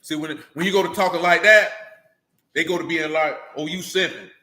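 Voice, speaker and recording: A man's voice: fairly high pitch, normal speed, bright, forceful tone, roomy sound, slight background noise. A man preaching a blunt, slang-filled sermon, often asking rhetorical questions of his listeners. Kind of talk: street-style sermon.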